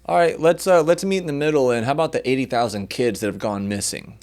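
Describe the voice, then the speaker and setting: A man's voice: medium pitch, fast, a little mellow. A man hosting a podcast, casual, opinionated and slangy in conversation. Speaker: podcast host. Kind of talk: casual chat.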